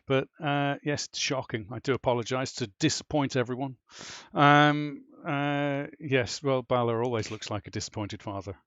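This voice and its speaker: A man's voice: medium pitch, moderate pace, few pauses, a bit bright, clear, resonant tone, dry recording. A man hosting a casual podcast panel chat, rambling and jokey with laughing asides, on a dry, dull, lo-fi recording. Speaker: podcast host.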